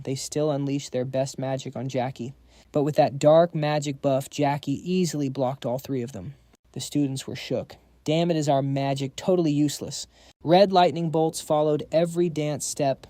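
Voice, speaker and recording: A man tells a comic story recap in a dramatic, slangy way. His voice sits slightly high and mellow, recorded dry and close. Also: no echo. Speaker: narrator. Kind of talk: manhwa recap narration.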